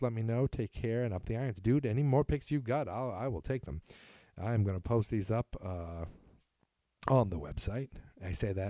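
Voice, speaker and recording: A man's voice: lowish voice, mellow, no room sound, studio quality. A man from New England hosting a casual solo podcast, reading listener emails aloud and rambling with self-deprecating asides. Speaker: podcast host.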